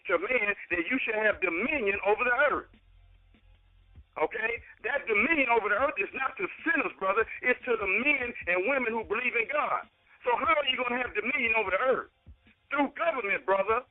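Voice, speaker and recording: An older man debating in a preachy, fervent way, often repeating "brother" and "okay". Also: high voice. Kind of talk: heated online debate. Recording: phone-like line.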